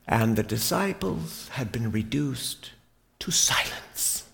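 Slow theatrical male storyteller. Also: mid-range voice, expressive, gravelly, fairly bright tone. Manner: theatrical, dropping to whispers. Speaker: preacher. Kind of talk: dramatic Bible storytelling.

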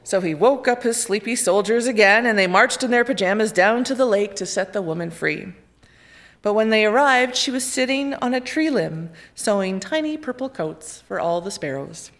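A woman narrates a children's fairy tale aloud, with expressive, lively storybook delivery. Her voice sits in a mid range. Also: mid-range voice, normal speed. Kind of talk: reading a children's picture book aloud.

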